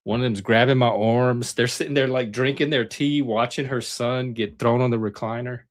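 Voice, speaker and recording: A man's voice: medium pitch, normal speed. A middle-aged man on a talk panel, casually telling personal stories and acting out the voices of people he quotes. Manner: animated, acts out quoted voices. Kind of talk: casual storytelling.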